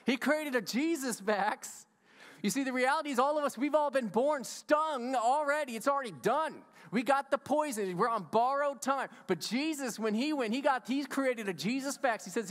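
A high-pitched male pastor preaching a sermon in a casual, emphatic way, firing rhetorical questions at the congregation. His voice carries a long reverb from the church sanctuary. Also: moderate pace, a bit bright.

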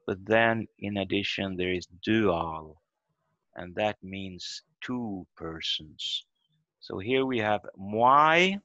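A man's voice: lowish voice, creaky, a bit bright, no room sound. A man teaching a beginner language class online, patient and methodical, breaking words into syllables over a video call. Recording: dull lo-fi video call audio.

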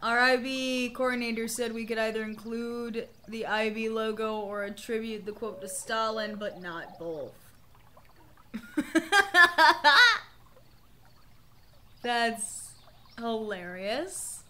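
This young woman's voice is fairly high and fairly bright yet slightly worn, steady in tone and a little slow, with a touch of hiss or hum. She streams a game with casual let's-play chatter, swearing freely and laughing frequently.

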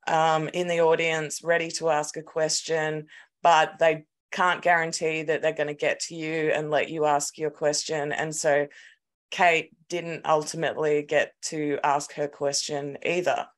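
An Australian woman co-hosting a podcast, telling a story in an animated, sweary, casual way. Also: low voice, a little slow. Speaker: podcast co-host. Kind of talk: casual chat.

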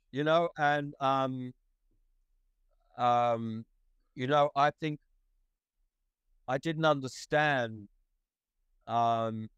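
A man's voice: mid-range voice, clear, resonant tone, dry recording. A man, a musician guest in a podcast interview, rambling and self-deprecating. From Australia.

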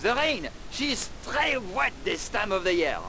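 An actor voicing a scornful, insulting French arms dealer with a French accent in a video game. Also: male voice, sits high, sing-song, measured pace, gravelly, full character voice, rough recording. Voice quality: mocking, haughty delivery. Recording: game audio under loud noise.

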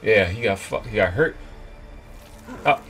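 Man, young adult, gaming host, let's-play commentary, excitable, profane slang, clear background music. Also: on the low side, unhurried.

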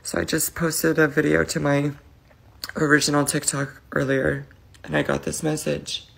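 A woman's voice: low voice, little pitch movement, moderate pace, creaky, fairly bright tone, slightly rough. A woman talking to camera about her account being banned, earnest and upset. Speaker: content creator. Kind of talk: casual talk to camera.

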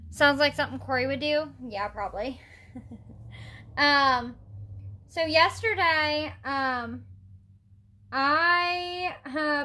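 A woman's voice: high voice, bright, forceful tone. A young woman chatting casually while doing her makeup on a livestream, telling stories in an exasperated, talkative way and greeting viewers. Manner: chatty, exasperated storytelling, reads and greets chat. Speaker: makeup vlogger.

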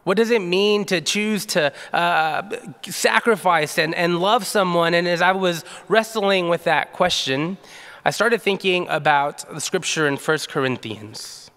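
Male pastor, slightly higher voice, easygoing sermon storytelling, hall reverb. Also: measured pace, clear, resonant tone. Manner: relaxed, conversational, with fillers.

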